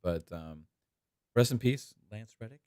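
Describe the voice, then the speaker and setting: A man's voice: fairly low pitch, lively intonation, a little slow, darkish tone, clean tone, dry recording, studio quality. Laid-back man from Texas hosting a podcast. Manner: laid-back, filler-heavy. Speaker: podcast host. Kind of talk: casual chat.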